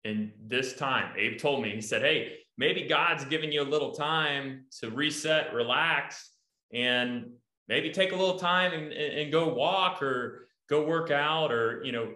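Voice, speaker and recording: A man co-hosting a podcast, giving animated, emphatic advice in numbered points. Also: a little high, unhurried. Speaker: podcast co-host. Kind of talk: casual podcast talk. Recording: echoey room.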